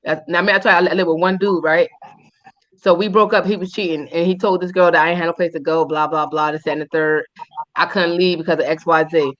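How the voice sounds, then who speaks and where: A woman co-hosting a talk show, telling a profane story with animated, squealing voices for the people in it. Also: on the low side, quick pace. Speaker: radio show co-host. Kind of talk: casual chat, storytelling. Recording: dull lo-fi sound.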